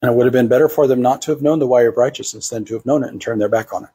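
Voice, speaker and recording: A man's voice: mid-range voice, racing, warm tone, breathy edge. A man preaching to a congregation, acting out the voices of the people he quotes. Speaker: pastor. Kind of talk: sermon.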